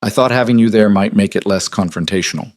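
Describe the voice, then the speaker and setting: A man voicing a guarded, vulnerable brooding man who talks quietly with calm control. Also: lowish voice, fast talker, natural voice. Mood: earnest.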